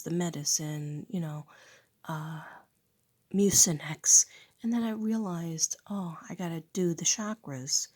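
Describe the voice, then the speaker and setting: A middle-aged woman speaks in a hoarse, breathy half-whisper because she is losing her voice. She talks slowly and gently, with a slightly low tone, and repeats spiritual affirmations in a soft, unhurried way. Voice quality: breathy, husky. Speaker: spiritual teacher and channel host. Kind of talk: slow casual spiritual talk with affirmations.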